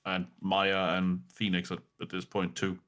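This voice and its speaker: A man's voice: deep voice, completely flat delivery, a little slow, fairly bright tone. A man joking dryly while voicing and playing through a story game with a co-player. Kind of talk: casual banter over a game playthrough.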